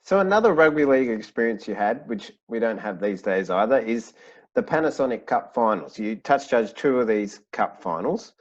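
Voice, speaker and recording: A man interviewing a guest with slow, carefully worded questions. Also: mid-range voice, lively intonation. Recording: dull lo-fi recording.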